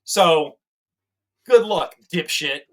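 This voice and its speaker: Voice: mid-range voice, expressive, very slow. A co-host of a movie review show, throwing in sarcastic, profane jokes in casual banter. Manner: sarcastic, profane, mocking asides.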